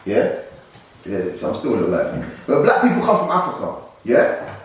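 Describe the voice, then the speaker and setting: A young man, co-hosting a casual discussion podcast in an animated, ranting way with frequent laughs. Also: medium pitch, brisk, far from the mic, a little hiss or hum. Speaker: co-host. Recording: echoey room, voice away from mic.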